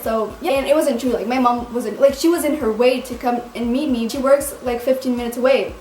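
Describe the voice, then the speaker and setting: A woman's voice: on the high side, fairly even intonation, fairly quick, a little mellow, slight background noise. A young woman vlogger telling a story dramatically, swearing a lot with many fillers. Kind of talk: storytime vlog. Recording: roomy echo.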